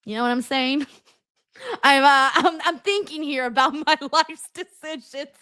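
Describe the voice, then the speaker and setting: A bright, high-voiced woman streamer hosts a wrestling watchalong, casually chatting as she reacts to the live show and reads comments. She's animated and chatty, laughs often and swears freely, speaking at a measured pace. The recording is dry and studio quality.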